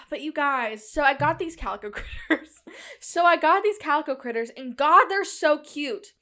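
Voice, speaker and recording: A young woman runs her own show and rambles through a comic story, bubbly and poking fun at herself while laughing often. The voice is high-pitched, expressive and unhurried, with a pushed, bright quality, in a casual comedic monologue.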